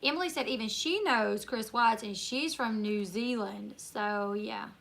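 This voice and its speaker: A woman with a country Northern Louisiana accent hosts a casual live stream, chatting easily and reading out viewer comments as they come in. Her voice sits high and bright. She sounds a little tired. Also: measured pace, vocal fry, slight background noise. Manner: chatty, reads viewer comments aloud, laughs often. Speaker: YouTuber live-stream host.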